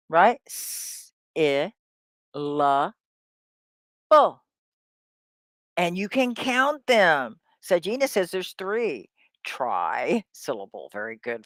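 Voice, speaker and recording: A woman teaching an English lesson on a live stream, drilling words slowly and cheering on her students. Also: on the low side, dry recording. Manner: slow, drawn-out word drills; upbeat, encouraging. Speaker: ESL teacher.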